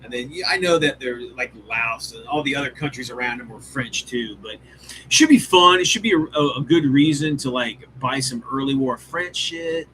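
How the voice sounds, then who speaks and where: A man's voice: medium pitch, expressive, normal speed, sharp tone, slight background noise, rough recording. A man hosting a live hobby stream in casual chat, rambling and swearing often, full of fillers and restarts. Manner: rambling, profane, enthusiastic, lots of fillers. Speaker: hobby show host. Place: home hobby room.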